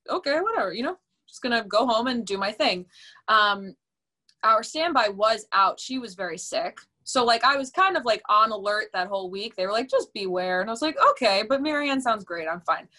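Bright, chatty young woman telling a story. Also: a little high, brisk. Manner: animated and chatty, many fillers, laughs often. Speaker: podcast guest, musical theater performer. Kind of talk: casual interview storytelling.

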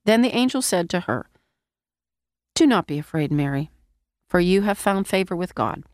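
With a lozenge in her mouth, a woman gives a conversational sermon on a Bible passage and puts questions to her listeners. Her fairly low, slightly mellow voice has lively intonation at a moderate pace, recorded dry with clean studio sound.

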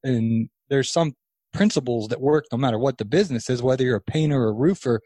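A man in his thirties, a podcast guest, telling a long story in casual chat, animated and rambling with restarts. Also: medium pitch, fast talker, breathy edge, no room sound, clean studio sound. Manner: animated, acts out quoted voices, rambling restarts. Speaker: podcast guest, lawn care business owner.

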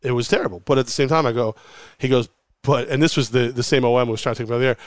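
A man's voice: mid-range voice, racing, dry recording. A middle-aged man in a mid-range voice, telling rambling stories as a guest on a podcast. He talks animatedly and fills his sentences with "like." The recording is close and dry, with no room sound. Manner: animated, rambling, heavy use of "like". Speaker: guest, former sports radio host. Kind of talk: casual interview storytelling.

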